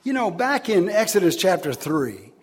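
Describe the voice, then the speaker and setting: A man preaching a sermon, swinging between loud, emphatic declarations and quiet asides. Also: high-pitched, sing-song, normal speed, husky.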